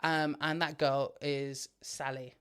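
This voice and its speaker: A woman co-hosting a podcast, retelling a story in an animated way and swearing freely. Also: sits low, takes it slowly, clean tone. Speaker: podcast co-host. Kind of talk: casual chat, storytelling.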